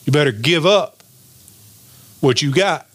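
A male pastor delivers a sermon in a high-leaning, animated voice, captured in a dry recording. He uses call-and-response, asking the congregation for an "amen" and drawing out key lines slowly.

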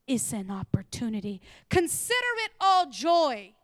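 A woman preaching a sermon to a church, animated and laughing, sometimes dropping into whispers. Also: high voice, normal speed, no echo, studio quality.

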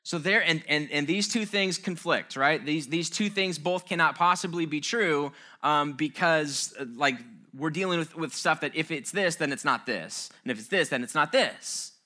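A man's voice: on the high side, normal speed, hardly any pauses, pushed and bright. A man giving an informal talk on relationships, earnest and conversational, with self-mocking asides. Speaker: speaker on relationships.

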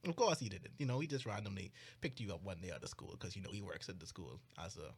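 Animated young man recounting a plot. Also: deep voice, slightly rough. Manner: animated, mock-outraged storytelling with quick put-on voices. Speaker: podcast co-host. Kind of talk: casual podcast chat, recounting a plot.

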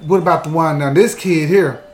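Animated storyteller in an echoey room. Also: mid-range voice, a little fast, faint music behind. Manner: animated, acts out quoted voices, stammering restarts. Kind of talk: casual storytelling chat.

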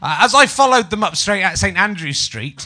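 A man's voice: sits high, sing-song, normal speed, very noisy. A man in his forties from Yorkshire hosting a live comedy podcast in front of an audience, chatty and self-mocking, teasing people in the crowd. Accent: Yorkshire English. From Yorkshire, England. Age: 40s. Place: small live venue with audience.

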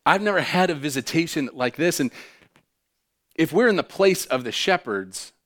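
A man preaching a sermon in an animated way, mixing jokey asides with quieter earnest points. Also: medium pitch. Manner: animated, joking asides with quick bursts and soft drops. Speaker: pastor.

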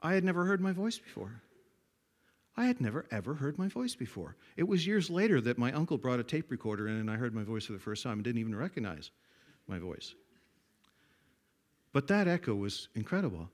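An older man preaching a sermon, telling folksy stories that swing from hushed to loud. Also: medium pitch, sing-song, a little fast.

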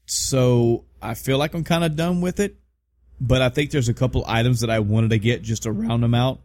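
A man's voice: medium pitch, normal speed, a little mellow, no echo. A man co-hosting a casual podcast, rambling and swearing with self-mocking humor. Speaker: podcast co-host. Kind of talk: casual chat.

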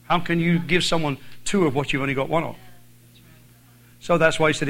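A man's voice: on the high side, steady tone, brisk, gravelly, long pauses, a bit bright, poor audio. A man with an Irish accent preaching a sermon as a visiting preacher, driving points home by repeating phrases. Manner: emphatic, repeats phrases for stress.

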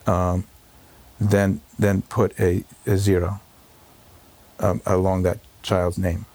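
A man, a rabbi, recalling a painful day in an emotional interview, talking in halting bursts with many fillers and restarts. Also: low-pitched, little pitch movement, a little mellow. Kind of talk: emotional personal recollection. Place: home.

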